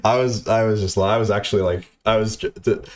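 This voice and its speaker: A man's voice: on the low side, fairly even intonation, a little fast. A man streaming to his chat, telling a story in a casual, profane, rambling way, stammering through restarts and swearing a lot.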